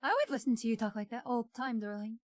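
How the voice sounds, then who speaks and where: High-voiced playful woman streamer. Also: fast, dry recording, clean studio sound. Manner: playful and teasing, calls partner darling. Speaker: streamer co-host. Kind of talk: casual stream chat.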